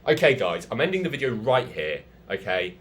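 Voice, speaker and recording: Low-voiced man ranting. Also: very animated, brisk, noisy background. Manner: exasperated ranting, mock outbursts. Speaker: film reviewer. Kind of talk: casual vlog review.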